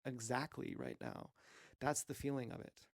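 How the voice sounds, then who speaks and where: Man rambling in a gravelly voice. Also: mid-range voice, animated, normal speed, no room sound, clean studio sound. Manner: meandering, profane, self-questioning. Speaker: streamer. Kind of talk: rambling monologue.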